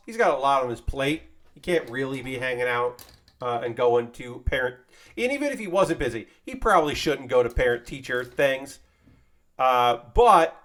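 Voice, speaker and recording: A man talks casually as he works with his hands, wandering through a lively, rambling recap of an episode. His voice sits at an ordinary middle pitch, and he keeps the tone of an easygoing stream host. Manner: rambling, animated retelling of an anime episode. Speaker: streamer building a model kit. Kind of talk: casual chat while building.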